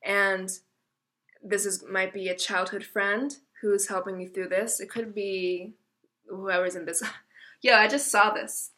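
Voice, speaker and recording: Young woman tarot reader, bright, crisp tone, casual and chatty, emotional, stops herself mid-sentence. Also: medium pitch, level tone, unhurried. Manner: chatty, self-interrupting, emotional. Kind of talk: casual tarot reading video.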